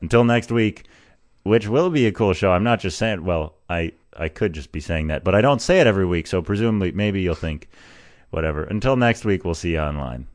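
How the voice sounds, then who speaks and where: Deep-voiced man, close on the mic. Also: animated, a little fast. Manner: rambling, self-correcting, explanatory. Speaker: podcast host. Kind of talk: casual podcast talk and microphone test. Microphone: studio microphone, very close with pop filter.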